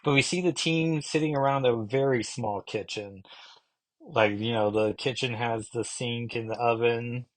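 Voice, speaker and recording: A man's voice: medium pitch, unhurried. A man casually recapping a comic book issue, rambling along with many asides. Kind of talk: casual comic review vlog.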